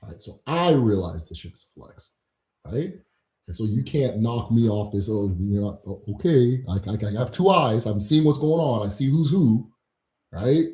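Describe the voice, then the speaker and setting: A man's voice: medium pitch, animated, normal speed, mellow. A man hosting his own channel, ranting casually and mockingly to camera, swearing and laughing often. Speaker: host of a channel on Igbo spirituality. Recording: roomy echo.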